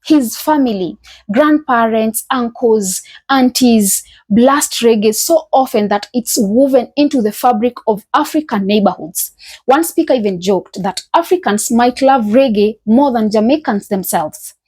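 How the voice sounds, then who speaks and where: A woman's voice: a little high, unhurried, a little mellow, breathy edge. A woman hosting a reaction channel, giving semi-scripted commentary with frequent fillers and restarts.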